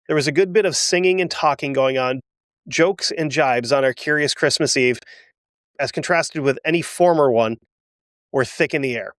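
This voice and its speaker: Man, history podcast host, reading an old account, emotional asides, slightly raised pitch, dead dry sound. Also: clean tone, no echo. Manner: emotional, self-deprecating asides between readings.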